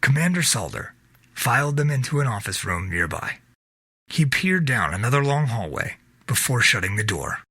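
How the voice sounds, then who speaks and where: Husky bright-voiced male storyteller. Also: mid-range voice, moderate pace, dry recording. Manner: steady storytelling read. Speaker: narrator. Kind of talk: reading a self-published novel aloud.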